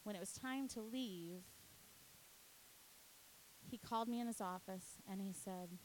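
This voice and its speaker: A woman's voice: mid-range voice, unhurried, a little hiss or hum, low-quality recording. A woman, a youth pastor, earnestly telling a personal faith testimony, at times emotional. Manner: earnest storytelling, often emotional.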